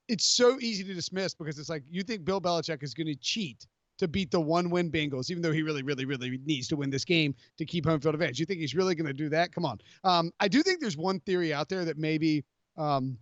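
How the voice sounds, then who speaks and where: A man hosts a sports podcast with a fairly high voice, talking in loose, rambling runs and breaking into mock voices. The audio is dry and slightly dull. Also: fairly quick, no room sound. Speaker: podcast host. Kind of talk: casual sports chat.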